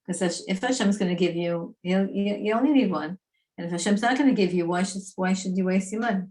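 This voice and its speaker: A woman teaching a Torah class in a lively, chatty, emphatic way. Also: mid-range voice, brisk.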